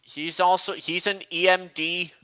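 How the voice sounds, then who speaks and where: A young man hosting a casual livestream. His voice is bright and a bit high. He rambles and halts, filling gaps with ums and likes. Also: flat delivery, smooth, rough recording. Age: young adult. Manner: rambling, halting, with many fillers. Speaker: livestream host. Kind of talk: casual chat.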